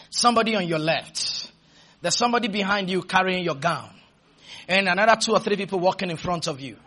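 A male preacher delivering a sermon, emphatic and loud, leading the congregation in call-and-response and telling stories with playful asides. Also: high-pitched, a little hiss or hum. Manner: emphatic, with sudden shouted bursts and call-and-response.

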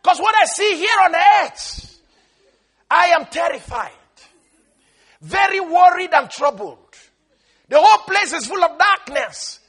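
A man's voice: very high voice, expressive, slow, pauses often, voice pushed up, exaggerated voice. A man voicing the Holy Spirit as a panicked male spirit crying out in fear during a sermon. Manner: shouting, frantic.

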